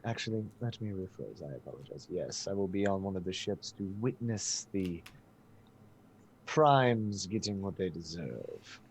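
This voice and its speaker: A man's voice: sits low, animated, unhurried, slight background noise. Man playing a very formal courteous adventurer. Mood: courtly. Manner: polite, elaborate, theatrical.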